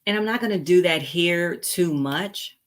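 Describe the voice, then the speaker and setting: A woman's voice: on the low side, measured pace. A woman nurse practitioner hosting her channel, talking casually to camera in a rambling way with lots of fillers and restarts. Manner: laughs easily, playful asides to viewers.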